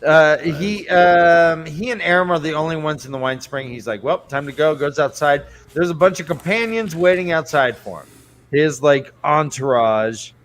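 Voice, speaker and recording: A man's voice: fairly high pitch, normal speed, fairly bright tone. A man hosting a casual book discussion podcast, summarizing chapters and swearing casually. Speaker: podcast host.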